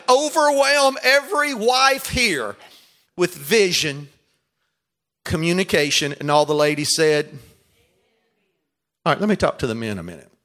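Male preacher, high voice, comic call-and-response sermon style. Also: fairly bright tone. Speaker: pastor leading a marriage seminar.

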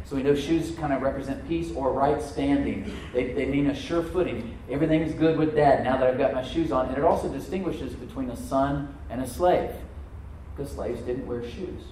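A man's voice: mid-range voice, normal speed, warm tone, a little hiss or hum. A male pastor preaching a sermon to his congregation. He repeats phrases, restarts lines, and asks "Amen?" to draw out responses. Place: church sanctuary with congregation. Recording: roomy church echo.

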